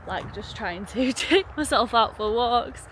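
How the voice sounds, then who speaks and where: A young woman's slightly high, animated voice carries this day-in-the-life vlog at a measured pace as she cooks at home, then goes out walking, chatting cheerfully and teasing herself. There's a little hiss or hum, plus loud kitchen sizzle and outdoor ambience in a roomy sound.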